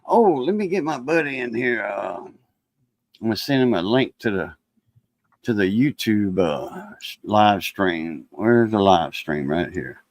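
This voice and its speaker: A man's voice: on the low side, expressive, unhurried, dry recording, poor audio. A man hosting a casual live stream, rambling loosely through stories and chat.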